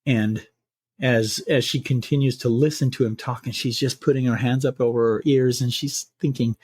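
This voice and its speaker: A man hosting a podcast, telling a scary bedtime story in a measured way, slowing down for suspense. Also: mid-range voice, fairly even intonation, darkish tone, slightly rough, dry recording. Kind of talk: spooky bedtime story narration.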